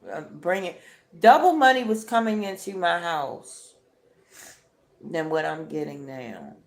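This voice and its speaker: A tearful woman speaks slowly and deliberately, crying as she talks. Her delivery is emphatic and repetitive, full of little "right?" check-ins, like a heartfelt motivational talk. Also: lowish voice, animated, creaky. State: tearful, crying while talking. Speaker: vlogger.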